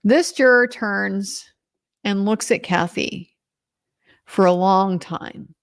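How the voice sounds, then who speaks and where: A middle-aged woman walks through what happened in court that day. She tells it in an animated way and voices the quoted lines in her own plain, mid-range voice. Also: medium pitch, slow pace, gravelly. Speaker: legal commentator. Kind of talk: recounting courtroom testimony.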